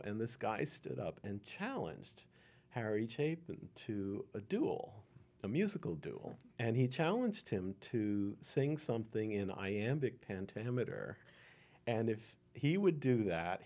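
An older man telling stories from his past in an oral history interview, unhurried with many ums and chuckles. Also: fairly low pitch, warm tone. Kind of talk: reminiscing storytelling.

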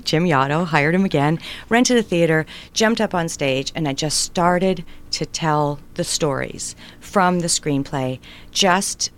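Low-voiced woman telling stories animatedly. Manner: animated, acts out family voices in anecdotes. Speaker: guest, writer and performer. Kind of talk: conversational storytelling interview.

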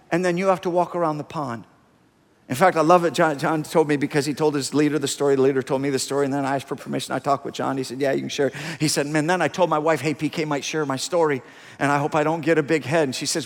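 A man preaching a sermon as a pastor, animated as he retells a story in another man's words. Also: mid-range voice, fast talker, long reverb tail. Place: church sanctuary.

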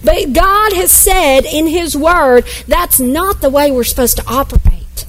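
A woman's voice: high voice, unhurried, low-quality recording. A woman pastor preaching a sermon at a church service, emphatic and playful, sometimes acting out grumbling voices.

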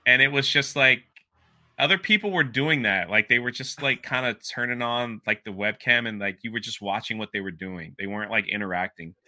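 A young man telling a story as a guest in a casual interview, animated and laughing, with plenty of filler words. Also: medium pitch, brisk.

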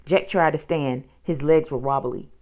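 A woman reading a children's book aloud, with steady, expressive storytelling. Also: sits low, moderate pace.

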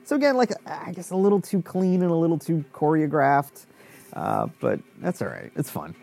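A man talks through a show as it plays. He rambles with lots of fillers and restarts, and his pitch moves in a lively way. Faint music sits in the background. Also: normal speed, vocal fry. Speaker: show reviewer. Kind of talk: casual reaction commentary.

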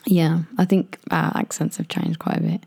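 A woman's voice: on the low side, level tone, normal speed, gravelly, warm tone, husky. A woman, chatting casually and laughing often as she quizzes her partner on slang. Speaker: co-host. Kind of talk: casual chat.

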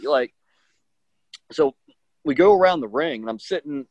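Here a middle-aged professional wrestler, medium in pitch and fairly quick, relays a story in an easygoing interview. His delivery is lively, full of acted-out quotes and fillers. It's a dry recording with a dull, lo-fi quality.

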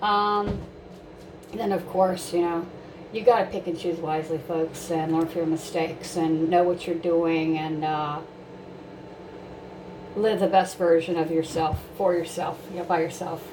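A woman's voice: fairly low pitch, steady tone, unhurried, background noise. A woman giving blunt life advice in a rambling casual monologue, repeating herself and using lots of fillers.

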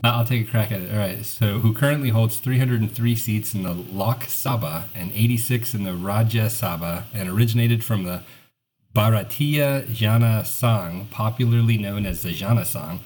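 A man's voice: on the low side, normal speed, darkish tone, slightly rough. A man co-hosting a casual podcast, reading a news item aloud, stumbling over long names and laughing as he goes. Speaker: podcast co-host.

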